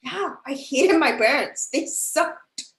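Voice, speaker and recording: A woman's voice: high voice, animated, takes it slowly, fairly bright tone, roomy sound. A woman improvising a comedy scene, defensive and indignant, insisting she is good and loving. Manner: defensive, indignant, talks up her own goodness. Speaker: improv performer.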